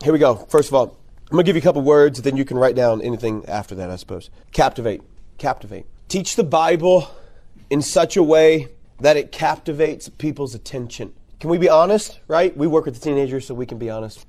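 A man speaking to youth ministry workers at a conference. He talks in an animated, conversational way, keeps checking in with "right?", and makes jokes. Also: mid-range voice, brisk. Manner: jokey, repeats key words for emphasis.

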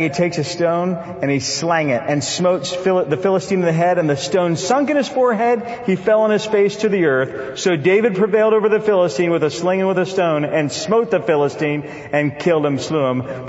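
Guy preaching, voice jumps all over, pretty high, playful jokes, dull sound with long hall reverb. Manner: animated, playful asides. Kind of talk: sermon.

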